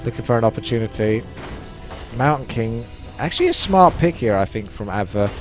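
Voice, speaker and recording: A man's voice: medium pitch, animated, fairly quick. Male caster, chatty play-by-play, faint music underneath. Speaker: esports caster. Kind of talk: live game commentary.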